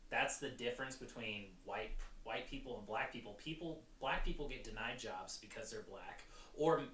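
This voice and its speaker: A man co-hosting a podcast, working through his point aloud and often restarting his phrases. His voice is bright, and he sits back from the mic in a roomy space with faint noise behind him. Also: medium pitch, moderate pace, distant mic. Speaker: podcast co-host. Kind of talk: casual commentary.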